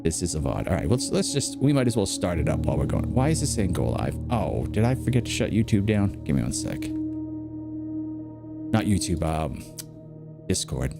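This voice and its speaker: A man streaming a video game, chatting casually and telling rambling, animated stories. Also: deep voice, moderate pace, gravelly, over loud music. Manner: rambling, animated storyteller who acts out quotes.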